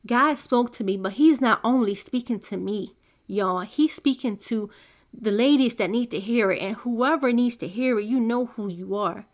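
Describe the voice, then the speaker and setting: A woman's voice: a little high, moderate pace. A mother hosting a faith podcast, speaking in an earnest, confiding monologue to her listeners. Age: young adult to middle-aged, a mother. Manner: earnest, confiding, soft-spoken. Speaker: podcast host.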